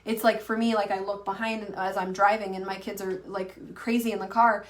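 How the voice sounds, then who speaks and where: A woman's voice: mid-range voice, flat delivery, a little fast, recorded from a distance. A woman in her thirties, an online coach, teaching in a chatty, rambling way full of fillers and restarts. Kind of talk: casual teaching to camera.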